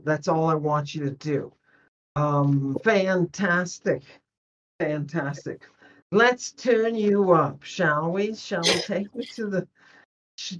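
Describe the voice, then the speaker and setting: Woman tutoring over a muffled video call. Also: on the low side. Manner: encouraging, emphatic. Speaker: language teacher. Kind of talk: online tutoring session.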